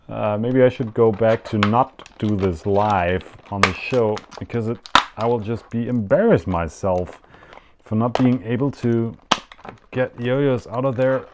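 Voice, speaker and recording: A man's voice: medium pitch, vocal fry, noisy background. A man with a German accent hosting a yo-yo show, rambling and self-mocking through a live unboxing. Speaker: yo-yo show host.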